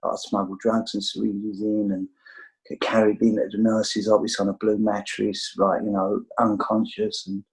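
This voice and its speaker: A man's voice: on the low side, monotone, moderate pace, low-quality recording. Candid middle-aged Englishman on a video call. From England. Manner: rambling, heavy with fillers, candid. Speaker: guest sharing his recovery story. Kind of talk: casual storytelling.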